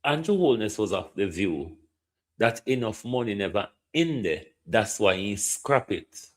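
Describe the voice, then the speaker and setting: Jamaican guy ranting about govt, slow talker, kinda low voice, patois mixed in. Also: very animated. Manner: indignant, mixes patois with standard English. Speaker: political commentator. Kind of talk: opinion commentary.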